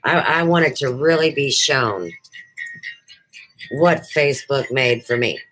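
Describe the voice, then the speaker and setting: A woman's voice: very deep voice, expressive, measured pace, a bit bright, faint music behind, low-quality recording. A middle-aged woman hosting her own livestream show, talking off the cuff in an unrehearsed, rambling way that jumps from topic to topic. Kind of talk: unrehearsed casual livestream chat.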